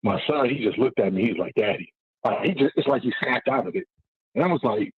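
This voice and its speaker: A man tells his story as a caller on a talk show, and he comes through a tinny, muffled phone line. His voice sits a little low and sounds husky, with a dry, close sound. He rambles and swears freely. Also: a little fast, no room sound. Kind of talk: casual storytelling on a call-in show.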